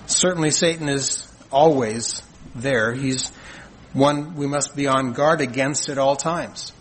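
A man preaching a sermon in an earnest, measured way, asking rhetorical questions and answering them. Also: mid-range voice, a little hiss or hum, low-quality recording. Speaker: pastor.

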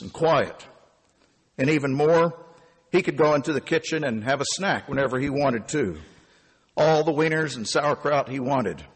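A man in his fifties telling a first-person story, animated and emphatic. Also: mid-range voice, breathy edge, long reverb tail. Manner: animated and emphatic, with punchy phrasing.

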